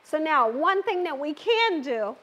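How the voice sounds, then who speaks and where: A woman's voice: high-pitched, sing-song, a little slow, a bit bright, muffled recording, a little hiss or hum. A woman hosting a live cooking stream, chatting with viewers and reading their comments, her voice a little worn. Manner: chatty, laughs often, reads viewer comments aloud. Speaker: cooking show host. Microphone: wearing a microphone.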